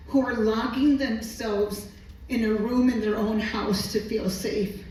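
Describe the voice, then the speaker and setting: Woman storyteller, medical interpreter, earnest and emotional, unhurried, distant mic in a reverberant hall. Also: a little high, steady tone, a little mellow. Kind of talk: live personal storytelling. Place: stage at a live storytelling evening.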